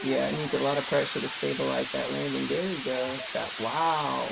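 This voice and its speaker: A man hosting a livestream, reacting excitedly and in slang to a broadcast while talking to his chat. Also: medium pitch, normal speed, creaky, very noisy. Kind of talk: casual live reaction chat.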